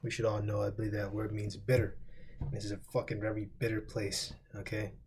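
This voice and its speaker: A man's voice: fairly low pitch, little pitch movement, fairly quick, darkish tone, a little hiss or hum. A man teaching a Bible lesson in a loose, rambling way, swearing casually and repeating lists as he recalls them. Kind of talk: informal scripture lesson.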